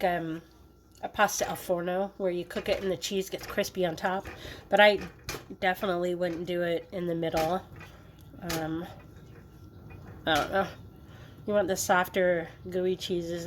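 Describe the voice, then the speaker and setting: A woman's voice: lowish voice, a little hiss or hum. A woman hosting a cooking video, chatting casually in a playful, joking way while she works in her home kitchen. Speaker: cooking vlogger.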